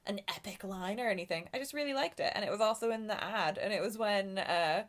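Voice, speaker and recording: A woman's voice: mid-range voice, fairly quick. A woman co-hosting a podcast, chatting casually about a film, chatty and giggly, often trailing off into asides. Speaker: podcast co-host.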